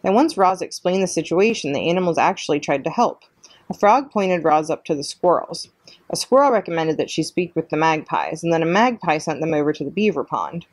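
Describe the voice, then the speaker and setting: A woman librarian reading a children's chapter book aloud as a calm bedtime story. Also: sits low, brisk, dry recording.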